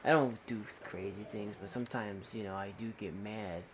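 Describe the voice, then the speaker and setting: A man on a podcast talking about himself casually, halting and restarting often in an earnest way. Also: fairly low pitch, fairly even intonation. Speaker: podcast co-host. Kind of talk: casual confessional chat. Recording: clearly noisy mic.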